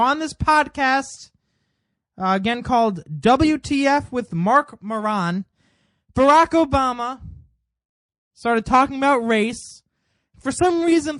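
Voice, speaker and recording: A man's voice: very high voice, fairly bright tone, no echo. A man hosting a political commentary show, delivering an indignant monologue full of rhetorical questions.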